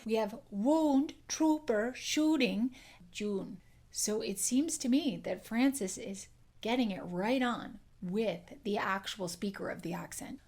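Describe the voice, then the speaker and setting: A woman accent coach with a slightly high voice explains accent features in a clear, instructive way. She stops often to model single sounds and words. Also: darkish tone. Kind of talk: explanatory lesson.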